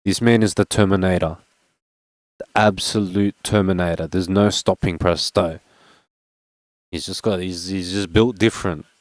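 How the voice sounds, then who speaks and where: A young man's low, fairly even voice moves at a normal pace and pauses often as he opens trading cards. The unboxing chat is casual, rambling, and self-mocking, with no echo.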